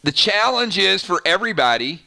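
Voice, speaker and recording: A man hosting a gaming channel livestream, chatting casually and reading out viewer comments with quick asides. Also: high-pitched, vocal fry. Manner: chatty and animated, quick asides, frequent "right?".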